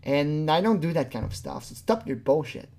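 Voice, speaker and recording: A host talking casually into a home desk mic, reacting to a clip with scorn and swearing. The voice sits at a middle pitch and keeps jumping up into a high, whiny voice for mocking impressions. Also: lively intonation, normal speed, creaky, darkish tone. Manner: mocking, profane, mimics others in a high whiny voice. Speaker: commentary channel host.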